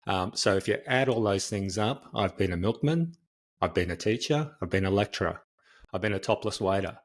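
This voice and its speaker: A middle-aged man talks as a guest on a podcast, with a low voice. He answers in a loose, conversational way and tells small stories, taking on other people's reactions as he goes. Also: expressive, a little fast. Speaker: podcast guest, change specialist.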